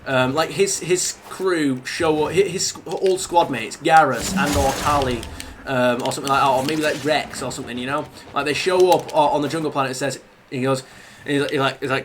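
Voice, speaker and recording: A man's voice: mid-range voice, fairly even intonation. Rambling young man over background noise. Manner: rambling, halting, talks over gameplay. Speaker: streamer. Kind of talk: casual gaming stream chat. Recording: noisy background.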